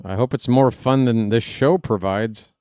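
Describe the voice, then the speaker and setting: A man's voice: medium pitch, normal speed, darkish tone, no echo, studio quality. A man hosting a live stream, talking to the chat in a sarcastic, mocking way. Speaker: host. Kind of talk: live stream commentary over a replayed clip.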